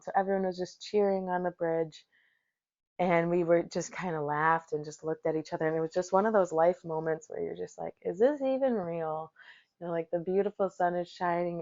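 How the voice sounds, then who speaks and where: A woman's voice: lowish voice, a little mellow. A woman hosting a podcast, telling a rambling, profane story in casual talk. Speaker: podcast host, yoga teacher. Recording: dull lo-fi recording.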